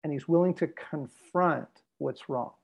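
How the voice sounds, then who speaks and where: Appearing as a guest on a podcast about men's development, a man talks with emphatic repetition and a preacher-like drive throughout the conversation. His voice is slightly high, gravelly and husky, and he keeps a measured pace.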